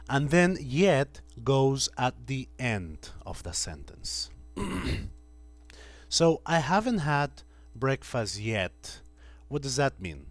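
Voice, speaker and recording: A man teaching English grammar to a class, slowly repeating each example sentence and checking in with the students. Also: medium pitch, dry recording.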